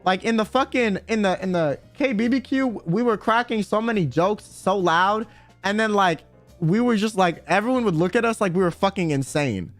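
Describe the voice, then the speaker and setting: A man's voice: high voice, moderate pace, a bit bright, faint music behind. A young man streaming, telling a story in casual chat, swearing, laughing and saying bro a lot. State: sore throat.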